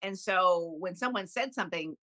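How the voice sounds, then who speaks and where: A middle-aged woman, a podcast guest, telling a personal story in an animated, candid way with frequent laughs. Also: lowish voice, moderate pace, no echo, poor audio. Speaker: podcast guest, kindness speaker. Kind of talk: casual storytelling interview.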